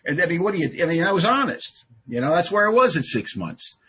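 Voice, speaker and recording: A man giving a humorous share at a recovery meeting, an animated storyteller who acts out dialogue. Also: high-pitched, brisk, slight background noise. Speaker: AA speaker.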